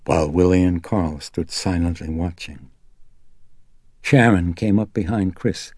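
A man reading a novel aloud as narrator in a steady, dramatic manner. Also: low voice, unhurried, no echo, clean studio sound. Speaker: audiobook narrator. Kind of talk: scripted narration.

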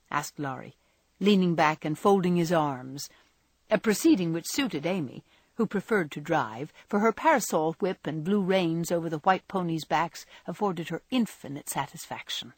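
Woman, audiobook narrator, measured reading, husky tone, dry recording. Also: lowish voice, expressive, dry recording.

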